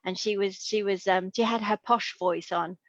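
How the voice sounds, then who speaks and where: A woman's voice: medium pitch, steady tone, normal speed, no echo, lo-fi sound. A middle-aged woman from Liverpool, a consultant podiatrist, talking chattily and with enthusiasm in an interview over a video call. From Liverpool, England. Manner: chatty, enthusiastic, full of asides.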